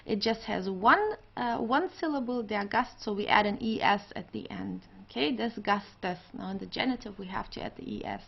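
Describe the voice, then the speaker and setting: Woman language teacher, patient explainer, fry in the voice, mid pitch. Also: lively intonation, normal speed, lo-fi sound. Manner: patient, explaining with many fillers and restarts. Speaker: German teacher. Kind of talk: online grammar lesson.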